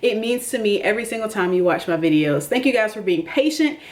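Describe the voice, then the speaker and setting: A woman's voice: medium pitch, lively intonation, fast talker. A woman hosting a casual comedic TV recap, sassy, calling people honey and baby and laughing often. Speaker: YouTube TV recap host.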